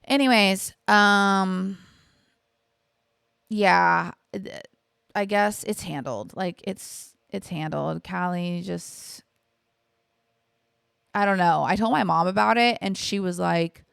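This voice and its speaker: A young woman talks casually on her podcast, rambling and candid, with fillers and swearing. Her voice sits at an ordinary pitch but carries a gravelly, creaky edge. The sound is dry and close, with no room around it. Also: a little slow, a bit bright, dry recording. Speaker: podcast host. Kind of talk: casual chat, storytime.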